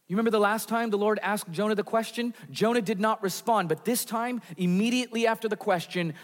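A man preaching a sermon in a church, earnest, with dramatic drops in pitch and volume. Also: a bit bright. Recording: reverberant hall.

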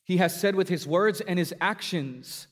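A man preaching a sermon, retelling a scripture passage with his pitch climbing for emphasis and dropping low on key lines. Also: moderate pace. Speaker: pastor.

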